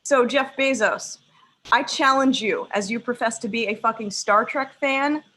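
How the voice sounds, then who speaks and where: A young woman performing a stand-up set on a video call, emphatic and profane, pausing like a preacher between lines. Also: a little high, pushed and bright, slight background noise, low-quality recording. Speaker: stand-up comedian.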